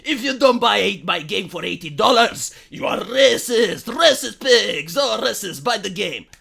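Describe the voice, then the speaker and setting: A whiny game developer caricature that a man acts out throws slow, drawn-out accusations. The voice is high and bright, with a sharp edge to it. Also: animated, creaky, breathy edge, exaggerated voice. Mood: accusing.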